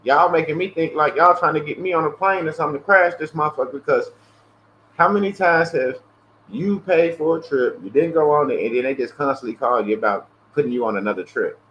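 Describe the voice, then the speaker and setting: A man hosting a casual livestream, ranting in an animated, profane way and acting out both sides of phone calls. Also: fairly high pitch, brisk. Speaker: livestream host. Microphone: earpiece or headset. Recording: dull lo-fi stream audio with faint hiss.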